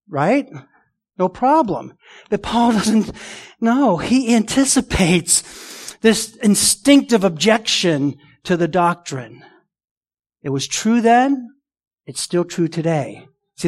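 A man preaching a sermon as pastor, conversational and emphatic, often asking the congregation rhetorical questions. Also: high voice.

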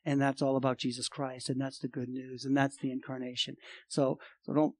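A male pastor preaching a sermon, emphatic, swinging between loud and quiet and repeating phrases. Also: mid-range voice, level tone, fairly quick, dry recording.

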